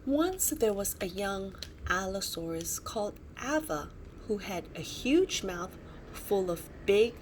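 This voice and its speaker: A woman reads a bedtime storybook aloud, slowly and with plenty of expression. Her pitch rises and falls widely, and she stops to point out the pictures. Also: very animated, slight background noise.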